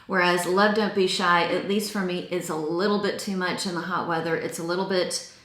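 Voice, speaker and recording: A woman's voice: fairly low pitch, fairly even intonation, fairly quick, a bit bright. A middle-aged woman chatting casually as she reviews perfumes, describing each scent in enthusiastic detail. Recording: roomy echo.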